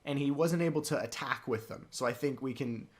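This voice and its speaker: An excitable man in loose podcast chat, his voice leaping upward whenever something grabs him. He talks in a middle pitch and eager bursts. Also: fairly quick. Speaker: podcast co-host. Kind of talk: casual chat about a comic.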